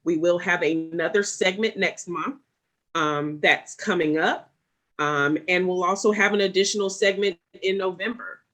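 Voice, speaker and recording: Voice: mid-range voice, moderate pace, a bit bright. A panel moderator giving closing remarks on a live online panel, rambling with many fillers and restarts.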